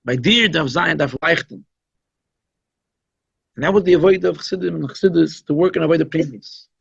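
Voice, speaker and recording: A man's voice: a little high, brisk, vocal fry, a bit bright, breathy edge, no room sound. A man, a rabbi, giving an informal, conversational Chassidic talk at a holiday gathering, emphatic and given to asides. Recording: dull, lo-fi recording.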